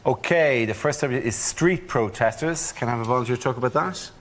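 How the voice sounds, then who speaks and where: A man hosting a panel show, announcing topics briskly and matter-of-factly. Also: mid-range voice, slight background noise. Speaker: quiz show host. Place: TV studio with a live audience. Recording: loud studio audience, heard from a distance.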